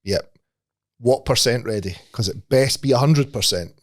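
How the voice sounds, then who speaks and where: A man's voice: medium pitch, moderate pace. A man in his thirties with a Scottish accent, co-hosting a podcast with laughing, sweary banter. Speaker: podcast co-host. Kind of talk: casual chat. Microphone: studio mic.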